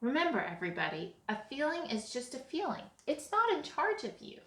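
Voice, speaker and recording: A woman reading a storybook aloud, voicing a patient, kind schoolteacher who explains things calmly. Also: sits high, fairly quick, pitched above the performer's own voice. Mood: gentle. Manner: calm, explanatory. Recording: echoey room.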